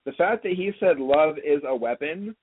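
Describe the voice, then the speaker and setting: A man's voice: fairly high pitch, lively intonation, normal speed, husky. A man co-hosting a podcast, chatty and playful as he recaps a TV episode at length. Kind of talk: casual podcast chat. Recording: tinny phone-like line with faint hiss.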